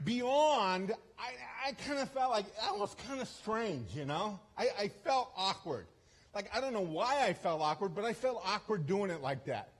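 A man with a slightly high, husky voice speaks as a guest preacher at a church service. He tells a story in a loose, conversational way, laughing at himself and often restarting his sentences. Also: animated, moderate pace. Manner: chatty, self-deprecating, with frequent restarts and asides. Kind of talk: storytelling sermon.

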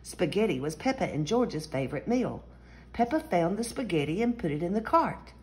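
A woman hosting a story-time channel, reading a children's picture book aloud in an animated, expressive way. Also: fairly low pitch, normal speed. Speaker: storyteller host.

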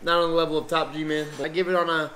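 A man's voice: on the high side, level tone, rapid-fire, bright, forceful tone, roomy sound. A young man hosting a casual vlog, joking and laughing with friends. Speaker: vlog host.

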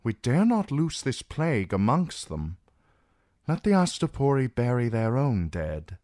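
A man voicing a cautious older knight in his sixties or more, speaking formally and gravely. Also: mid-range voice, sing-song, a little slow, darkish tone, dry recording, clean studio sound, pitched above the performer's own voice. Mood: worried.

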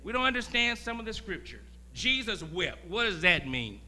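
A man preaching as a guest pastor, talking in a conversational way, laughing and swinging from quiet asides to loud emphasis. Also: high-pitched, sing-song, moderate pace. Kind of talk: sermon.

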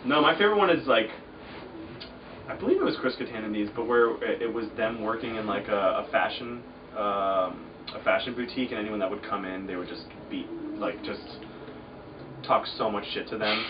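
A young man talks in a low, relaxed voice, rambling through his answers with plenty of fillers. He sounds set back from the microphone, and the recording is muffled, with clear background noise throughout. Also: a little fast, distant mic. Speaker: interview guest, DJ. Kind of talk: casual interview chat. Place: at an outdoor festival.

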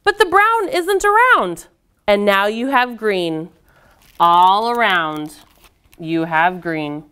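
A woman's voice: medium pitch, lively intonation, slow, pushed and bright, smooth. A young woman leading a children's storytime, reading aloud and guiding rhymes in a patient, encouraging, sing-song way. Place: indoor storytime room with children.

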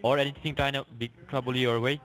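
A man's voice: mid-range voice, level tone, fast talker, fairly bright tone, low-quality recording. Combative male caller, insulting, mid-range voice, over a phone. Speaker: phone scammer. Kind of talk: phone call.

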